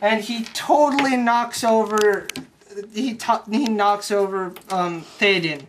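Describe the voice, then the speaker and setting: A young adult giving a crude, sarcastic recap of a film plot, swearing often and rambling with quick restarts. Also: medium pitch. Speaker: comedic movie recapper. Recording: faint background noise and clicks.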